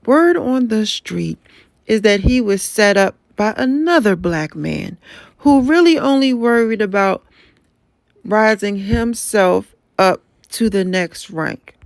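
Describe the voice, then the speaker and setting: A speaker giving opinionated commentary in a slow, deliberate way. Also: medium pitch, animated, vocal fry, dry recording, studio quality. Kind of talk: casual commentary.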